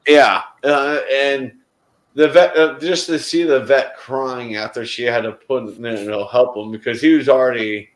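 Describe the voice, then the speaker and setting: A man's voice: mid-range voice, fairly even intonation, a little slow, echoey room, low-quality recording. Man telling a story with many restarts. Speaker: guest telling a story in a group chat. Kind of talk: casual chat.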